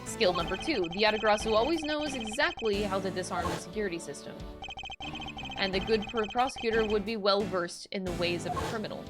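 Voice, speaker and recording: A woman reading the lines of a smug female thief revealing herself, in a calm, taunting way, with game music behind. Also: medium pitch, a little fast, close to an everyday voice.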